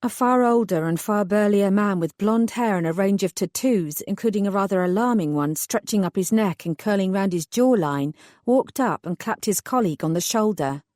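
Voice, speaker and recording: An audiobook narrator reads a first-person text in a measured, wry, animated voice that is a little mellow. She speaks in a middle pitch range, and the recording is dry and close, with no room sound or echo.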